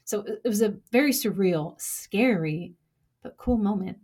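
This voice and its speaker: Young woman, husky storyteller, measured true crime retelling, even mid-range voice. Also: medium pitch. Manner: measured, dramatic pauses, acts out quoted lines.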